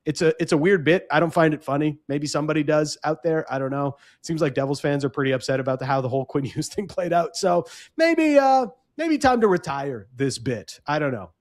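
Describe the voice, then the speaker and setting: A man co-hosting a sports podcast in casual chat, animated and quick to slip into mock voices. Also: fairly high pitch. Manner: animated, slips into mock voices when quoting others. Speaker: podcast co-host.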